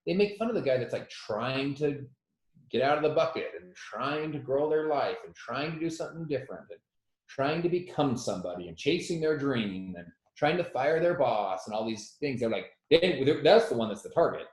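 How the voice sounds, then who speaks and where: Male motivational speaker, thirties, mid-pitched, animated and self-deprecating, echoey room. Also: normal speed. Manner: animated, self-deprecating storyteller who acts out quotes loudly. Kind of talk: storytelling talk.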